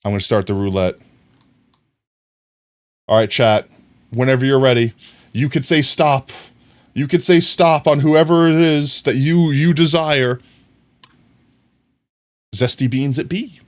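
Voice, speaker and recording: A man's voice: mid-range voice, fairly even intonation, unhurried, long pauses. A man streaming live, chatting casually with his viewers in a playful, joking way. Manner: playful, joking, chuckles often.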